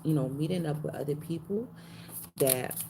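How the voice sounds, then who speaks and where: A woman with a low voice gives a spiritual card reading in a loose, slangy way, repeating lines as she goes and jumping up in pitch for emphasis. Steady background noise runs beneath her voice. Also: moderate pace, gravelly. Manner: slangy, repeats phrases, animated pitch jumps. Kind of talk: casual card-reading livestream.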